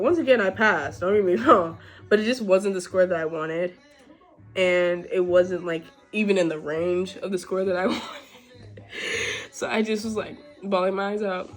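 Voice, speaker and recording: A young woman in her twenties talks straight to camera while getting ready, candid and expressive, with a few swear words. Her voice sits at a middle pitch. Soft music plays faintly underneath. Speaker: vlogger.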